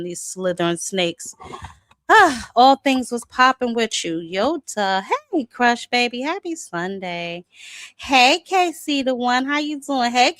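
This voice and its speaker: A woman's voice: medium pitch, a bit bright, dry recording. Woman host, thirties; loose livestream chatter, dry close sound. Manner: chatty, greets viewers by name, talks to chat. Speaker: boxing channel host. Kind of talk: casual livestream chat.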